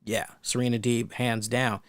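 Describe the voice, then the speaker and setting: A man's voice: medium pitch, level tone, moderate pace, clear, resonant tone, dry recording, clean studio sound. Rambling man hosting a wrestling podcast. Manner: rambling, thinks aloud with many restarts and asides; blunt, swears casually. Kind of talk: casual solo commentary.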